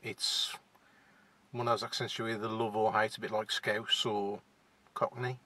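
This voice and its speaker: A man's voice: on the low side, flat delivery, unhurried, bright, forceful tone. A young man with a West Midlands accent chatting shyly to camera from inside a parked car, hesitant and full of fillers. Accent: West Midlands (Wolverhampton). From England. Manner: shy, hesitant, many fillers and restarts. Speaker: vlogger. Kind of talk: casual to-camera chat.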